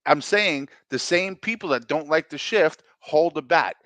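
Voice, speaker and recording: A man's voice: fairly high pitch, animated, measured pace, fairly bright tone, no echo. A man co-hosting a casual sports podcast, arguing his point and repeating it insistently. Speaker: podcast co-host.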